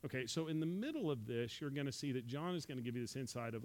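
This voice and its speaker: A man's voice: mid-range voice, lively intonation, quick pace, darkish tone. A man giving a casual Bible teaching talk, conversational and full of "right?" asides, acting out quoted speech. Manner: acts out quoted speech in dialogue.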